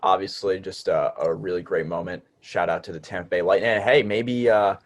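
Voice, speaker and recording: A young man co-hosting a casual podcast, upbeat and encouraging, giving shout-outs and asking listeners to comment. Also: deep voice, steady tone, fairly quick. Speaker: podcast co-host.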